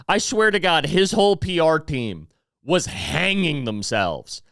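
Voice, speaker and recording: Animated man hosting a podcast. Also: on the high side, measured pace, gravelly, no echo, clean studio sound. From United States. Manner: profane, rambling, with many fillers. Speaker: podcast host. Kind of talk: casual commentary podcast.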